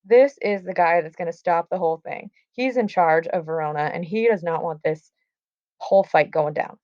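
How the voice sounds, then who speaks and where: Woman teacher with a slightly low voice, chatty and casual, reading aloud and explaining, dull dry recording. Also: normal speed, darkish tone, dry recording. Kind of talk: classroom lesson, reading and paraphrasing a play.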